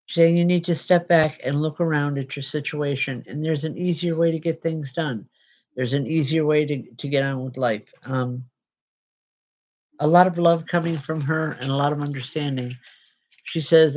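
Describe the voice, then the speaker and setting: Woman, medium, live spirit readings, halting, many restarts. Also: low-pitched, a little mellow, highs cut off.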